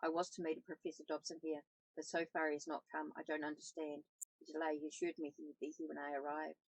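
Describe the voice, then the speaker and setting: A shy, nervous professor from abroad, read by a woman. The voice is husky and creaky, and it is read plainly with small slips. The recording is dry and close. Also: deep voice, level tone, fast talker, dry recording, rough recording. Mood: earnest.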